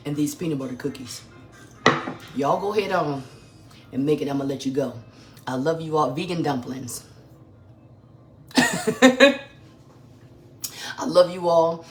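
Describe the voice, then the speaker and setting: A home cook hosting a live vegan cooking stream from a kitchen, chatting effusively with viewers while tasting food, sometimes with a full mouth. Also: mid-range voice. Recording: echoey kitchen with faint music.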